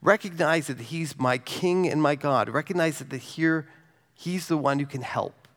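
A man preaching a sermon, reading scripture slowly and softly, then talking conversationally and asking the congregation questions. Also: fairly high pitch.

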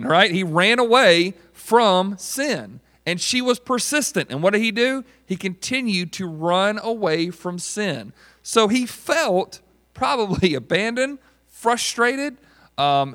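A man delivers a sermon in a relaxed, conversational way. His voice sits a little higher than most men's, and he acts out the people and prayers he quotes. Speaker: pastor.

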